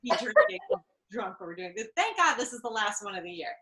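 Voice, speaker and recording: A woman's voice: on the high side, sing-song, fairly quick, pushed and bright, echoey room. A woman hosting a casual online spelling bee, rambling and giggling between words. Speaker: quiz host.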